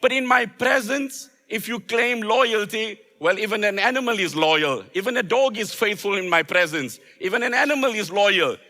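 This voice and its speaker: A man's voice: high-pitched, expressive, moderate pace, few pauses, bright, forceful tone. A man, an Islamic scholar, delivering an emphatic sermon with rhetorical repetition. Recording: long hall reverb.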